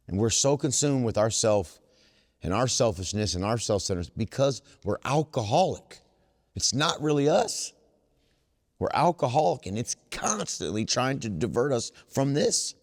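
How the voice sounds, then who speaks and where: A man speaking at a twelve step workshop, earnest and preacher-like, slowing down to stress his points. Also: medium pitch, very animated, long reverb tail. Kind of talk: recovery workshop talk.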